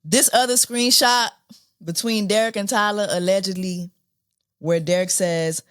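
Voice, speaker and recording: A woman's voice: mid-range voice, steady tone, unhurried, a bit bright, smooth, no echo, studio quality. A woman in her thirties hosting a podcast, speaking with exasperated disbelief, repeating herself and laughing often. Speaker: podcast host. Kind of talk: casual commentary.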